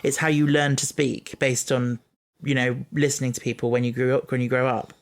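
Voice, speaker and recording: A man co-hosting a casual podcast, explaining points in a steady way. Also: medium pitch, fairly quick. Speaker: podcast co-host. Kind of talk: casual chat.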